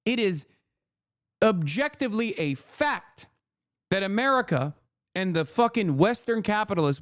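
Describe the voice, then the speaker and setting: Livestream ranter, male, thirties, high-pitched, dry mic, heated and profane. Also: lively intonation, unhurried, long pauses, a bit bright, no room sound. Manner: ranting, profane, emphatic. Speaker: political streamer.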